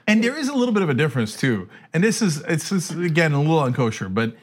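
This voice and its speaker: A man's voice: a little high, big pitch swings, quick pace. A man hosting a casual comedic podcast chat, joking and laughing at his own lines. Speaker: podcast co-host leading the segment.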